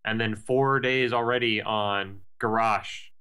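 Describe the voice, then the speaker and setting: Low, forceful man explaining in detail. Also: fairly even intonation, slow, clean tone. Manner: explains in detail, with many fillers. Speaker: podcast co-host. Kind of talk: casual gaming podcast chat.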